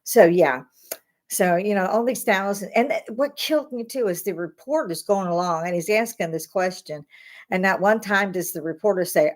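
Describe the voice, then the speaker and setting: A woman's voice: mid-range voice, moderate pace. A woman hosting a casual livestream from her home bar, talking bluntly and swearing as she rants. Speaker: livestream host. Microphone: webcam.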